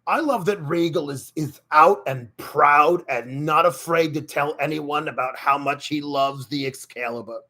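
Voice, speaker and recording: A gushing older woman with a throaty voice, as a man puts her on during a live stream. She sits a little high in pitch and spills out effusive praise, greeting everyone like an old friend. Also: measured pace, few pauses, sharp tone, exaggerated voice. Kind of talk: live stream character commentary.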